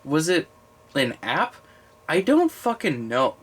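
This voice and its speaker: A man in his twenties chatting casually on camera about his movie collection, a little drunk and slurring, rambling and swearing with excitable bursts. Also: a little high, slow. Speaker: collection vlogger. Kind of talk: casual unscripted video review.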